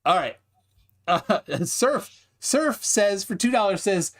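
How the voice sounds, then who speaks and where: A man's voice: a little high, slow, pauses often. A man hosting a casual livestream debate, reading chat aloud and explaining with frequent restarts. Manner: animated, many restarts, reads chat aloud. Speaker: livestream host.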